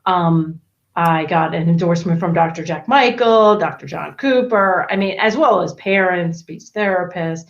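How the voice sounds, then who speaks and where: Over a video call, a talkative middle-aged guest who is both a parent and an autism expert spins long stories, often restarting and using many fillers. She speaks at a moderate pace with a lowish voice, and the high frequencies are cut off.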